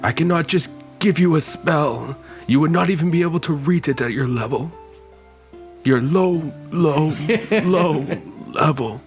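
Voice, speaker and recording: A man voicing a weary, solemn old male wizard who speaks slowly and deliberately in a tabletop game. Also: a little high, soft background music. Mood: mocking. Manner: slow, grave and deliberate.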